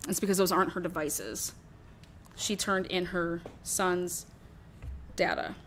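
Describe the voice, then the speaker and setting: A woman's voice: fairly low pitch, lively intonation, measured pace, fairly bright tone, a little hiss or hum. A woman hosting a true crime show, talking through her theory in a rambling, casual way, swearing often and acting out what others might have said.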